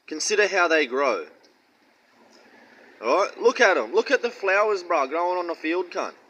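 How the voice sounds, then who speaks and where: A man's voice: sits high, very animated, moderate pace, bright, forceful tone, highs cut off. Crude, blunt man preaching. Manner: blunt, heavily profane, mocking; rambling slangy chat. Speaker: street-style preacher. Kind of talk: casual Bible teaching.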